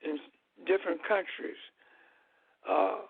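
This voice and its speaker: A man who is a guest on a call-in show, explaining his views slowly and deliberately, with many halting pauses. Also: no echo. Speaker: guest speaker. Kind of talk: lecture-style talk on a call-in show. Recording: tinny, dry phone line.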